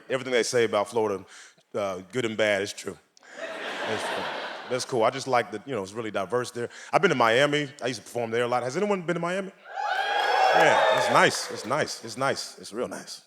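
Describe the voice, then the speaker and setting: A male stand-up comic performing on stage with a handheld mic, his voice sitting at a middle pitch. He keeps the set animated, jumping into high, shouted voices to act out quotes. The audience stays clearly heard behind him. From Portland, Oregon. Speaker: stand-up comedian. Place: theater stage before a live audience. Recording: live stage recording with audible audience noise.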